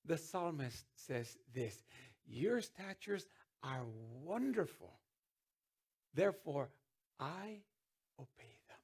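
A man's voice: on the high side, lively intonation, slow, pauses often, a little mellow, slightly rough. A man preaching a sermon as pastor, earnest, with restarts and sudden emphatic rises.

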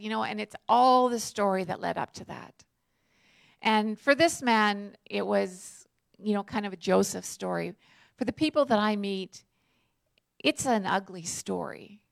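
A woman's voice: mid-range voice, vocal fry, no echo. A woman, a prison chaplain telling a faith story in a conversational way, full of fillers and asides.

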